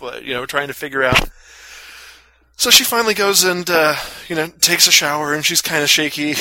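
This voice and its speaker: A man's voice: fairly high pitch, bright, forceful tone, no echo. A man casually telling a long story on a podcast, full of fillers and crude jokes. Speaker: podcast co-host.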